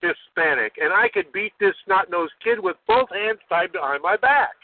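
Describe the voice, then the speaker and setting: An older American man, a guest on a call-in talk show, ranting forcefully and ending points with "okay?". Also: high voice, lively intonation, normal speed, no echo. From United States. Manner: forceful, preachy, keeps adding "okay?". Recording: tinny phone line.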